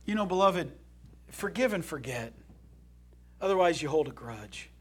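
A man preaching from the pulpit in a folksy, animated way, with a somewhat high voice. He jumps from loud, emphatic lines to quiet, low asides and slips in jokes along the way. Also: moderate pace, slightly rough. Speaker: pastor. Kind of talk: sermon.

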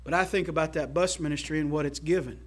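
A man preaching a sermon to his church in a folksy, emphatic way, swinging between loud calls to the congregation and quiet asides. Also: on the high side, fairly even intonation, fast. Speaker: pastor.

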